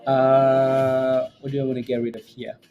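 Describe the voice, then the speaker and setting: A man's voice: medium pitch, monotone, measured pace, highs cut off, faint music behind. A man hosting a live day trading stream, chatting casually about charts, often laughing and answering chat with lots of fillers and "right?". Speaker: day trading livestream host. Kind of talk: casual live market commentary.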